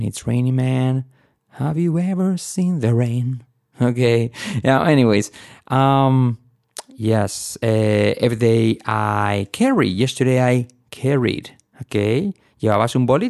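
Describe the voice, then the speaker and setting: Playful gravelly-voiced male teacher. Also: medium pitch, a little mellow, no echo, studio quality. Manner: playful, chatty, hums and sings song snippets. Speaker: English teacher. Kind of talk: casual grammar lesson to Spanish speakers.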